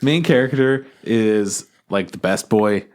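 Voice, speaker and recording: A man with a fairly low voice talks on a podcast as an eager fan. He jumps in with big reactions, laughs easily, and swears freely. The tone is relaxed banter between friends. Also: slow pace. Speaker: podcast co-host. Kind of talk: casual podcast chat.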